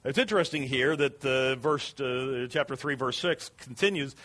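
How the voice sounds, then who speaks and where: Husky-voiced male preacher. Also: medium pitch, normal speed, hardly any pauses, a bit bright. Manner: earnest, emphatic preaching. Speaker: pastor. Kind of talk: sermon.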